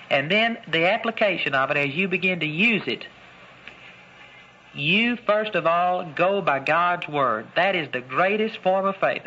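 A man teaching a Bible lesson in an emphatic preaching style, repeating key phrases and slowing down to stress words. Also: a little high, bright, forceful tone, muffled recording, slight background noise.

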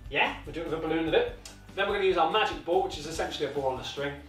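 A man's voice: high-pitched, fairly bright tone. A man with a British accent coaching a toddler in tennis, in an encouraging, sing-song way with lots of repeated instructions. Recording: echoey room, mic at a distance, faint music.

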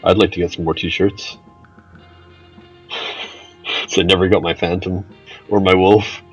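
A man's voice: low voice, level tone, measured pace. A man, a game developer streaming, chatting casually with a dry joking manner. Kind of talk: casual chat while playing. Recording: dull lo-fi stream audio. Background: faint music.

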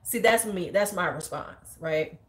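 A woman in her forties with a Chicago accent, chatting casually about her school days. Her voice sits a little low, and she talks bluntly and with plenty of cursing. She stays lively as she acts out the people in her stories. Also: a little slow. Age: 40s. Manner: animated, blunt and profane, acts out quotes in a high squeal. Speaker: high school teacher and beauty vlogger. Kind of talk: casual storytelling chat.

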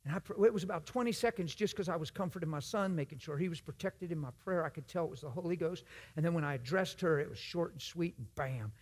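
A man preaches in a church, his fairly high voice dropping to near-whispers and then rising to loud shouted bursts. He acts out little conversations in other voices as he goes. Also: quick pace. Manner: swings from hushed whispers to loud shouted emphasis. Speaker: guest preacher. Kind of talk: sermon.

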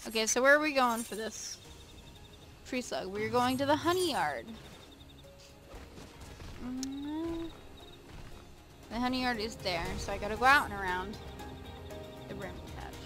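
A woman's voice: on the high side, lively intonation, a little slow, long pauses, pushed and bright, soft background music. A young woman casually chatting and commenting while playing a game on stream, talking to characters and her chat in a playful way.

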